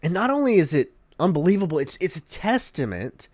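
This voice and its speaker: A man's voice: on the high side, big pitch swings, a little fast, a little mellow, dry recording, clean studio sound. A congested man hosting his own channel, giving emphatic, opinionated commentary and repeating key words for effect. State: congested, stuffed-up nose. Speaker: channel host.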